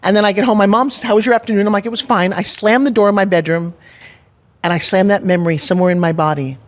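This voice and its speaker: A woman's voice: medium pitch, steady tone, fast talker. A middle-aged woman as a podcast guest, telling a personal story candidly and with emphasis, acting out her own past thoughts. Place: studio in Nashville.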